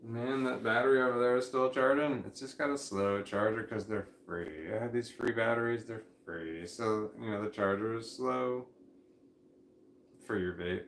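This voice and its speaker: A tired, high man rambling casually in a vlog, talking drowsily with a slight slur while lying down at home. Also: normal speed, fairly bright tone, echoey room, a little hiss or hum. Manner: drowsy, rambling, laughs to himself. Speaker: vlogger.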